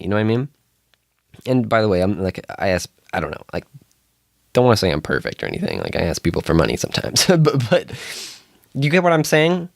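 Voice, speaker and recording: A man's voice: low voice, sing-song, quick pace, vocal fry, dry recording, studio quality. A young man hosting a solo podcast, talking casually and rambling with frequent restarts and chuckles. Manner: rambling, self-interrupting, chuckles often. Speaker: podcast host.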